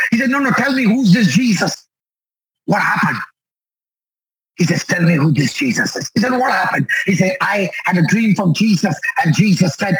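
Male preacher from India, high husky voice, earnest storytelling with repetition. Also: fairly bright tone, poor audio. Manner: earnest storytelling with repeated phrases. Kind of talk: sermon testimony.

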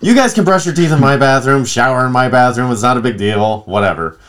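Animated man telling work stories. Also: medium pitch, quick pace, clear, resonant tone. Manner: animated storyteller, acts out quotes. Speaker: podcast co-host. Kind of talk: casual chat.

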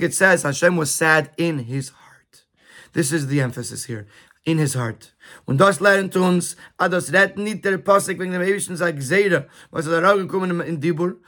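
High bright-voiced man teaching text. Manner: repeats words and stammers while explaining. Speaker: Torah teacher. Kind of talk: reading a Yiddish text and translating it into English.

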